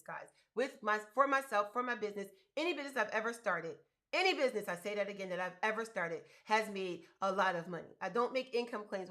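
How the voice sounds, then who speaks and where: Here a woman in her fifties, a business coach, hosts a relaxed livestream for her audience. She speaks with emphasis and repeats important words, her mid-range voice carrying a sharp edge.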